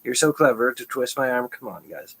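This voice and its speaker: A man talking in a loose, rambling monologue, jumping between ideas with restarts and quick chuckles. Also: medium pitch, expressive, a bit bright, husky. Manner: stream-of-consciousness, restarts, frequent chuckles. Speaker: channel host.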